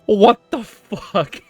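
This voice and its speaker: Excitable, swearing man reading aloud. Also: high voice, drawn-out words, breathy edge, muffled recording, soft background music. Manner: excitable and profane, laughing and interrupting his own reading. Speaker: streamer reacting to a web novel. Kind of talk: reading aloud with live reactions.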